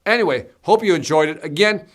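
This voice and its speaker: A man with a fairly high voice hosts a live stream, reading out viewer comments and thanking people in a relaxed, chatty way. He sounds upbeat and friendly as he answers each one. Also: brisk. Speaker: sales trainer hosting a live stream.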